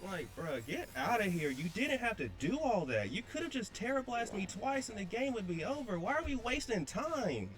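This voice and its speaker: A young man talking through his own match in blunt, slangy gamer speech that circles back on the same points. His pitch moves all over the place, and soft music plays underneath. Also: very animated, normal speed, hardly any pauses. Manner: slangy, blunt, repeats himself. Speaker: draft league player. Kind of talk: casual gameplay commentary.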